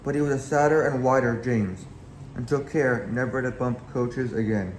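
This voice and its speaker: A man's voice: medium pitch, moderate pace, slight background noise. A man reading a children's railway storybook aloud in a plain manner, with small slips. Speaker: reader. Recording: echoey room, faint background.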